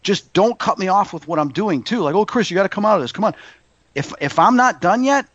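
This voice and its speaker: A man telling stories in casual interview chat, his voice a bit high and bright in pitch. He slips into even higher tones when he acts out what others said. The audio is dry and slightly muffled. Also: brisk, no room sound. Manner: animated storyteller, acts out quotes in a higher voice. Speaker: psychic medium guest.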